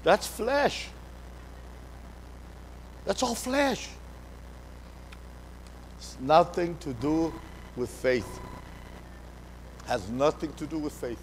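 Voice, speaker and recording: A man's voice: fairly high pitch, lively intonation, extremely slow, long pauses. A man preaching a live church sermon, fervent and repetitive, calling out to the congregation in a call-and-response way. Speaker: pastor. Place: church sanctuary. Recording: reverberant hall, faint background noise.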